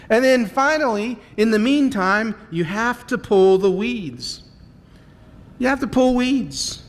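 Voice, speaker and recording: Male preacher, high voice, measured and repetitive delivery, long church reverb. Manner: measured, repeats key points, asks the congregation questions. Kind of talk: sermon. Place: church sanctuary.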